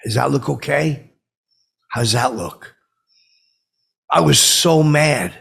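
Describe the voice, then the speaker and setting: A man doing a gravelly, huffy middle-aged grump. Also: mid-range voice, fairly even intonation, normal speed. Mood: indignant. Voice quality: gravelly, husky. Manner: rambling, indignant, self-serious storytelling. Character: touchy self-important middle-aged man, easily offended. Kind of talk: comic character monologue.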